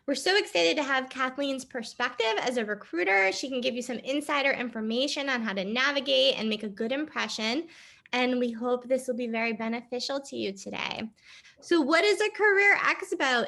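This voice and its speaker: A woman's voice: on the high side, a bit bright. A woman from career services giving an upbeat online workshop presentation, explaining steps while she clicks through a screen.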